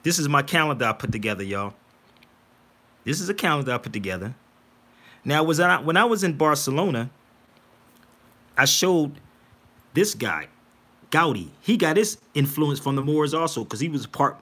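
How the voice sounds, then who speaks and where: Animated husky man preaching to viewers. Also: a little high, moderate pace, long pauses. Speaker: livestream host. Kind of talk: casual livestream talk to viewers.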